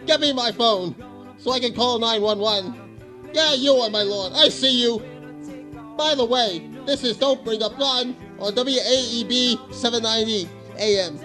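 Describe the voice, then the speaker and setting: A man voicing a cranky old man who yells at kids to get off his lawn. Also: very high voice, measured pace, faint music behind, heavily acted. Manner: shouting, grumbling.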